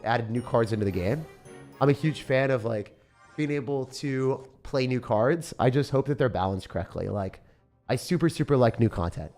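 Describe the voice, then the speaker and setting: Excitable young man doing gameplay commentary. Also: mid-range voice. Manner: excitable, frequent disbelief outbursts, calls viewers dude and bro. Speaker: gaming creator.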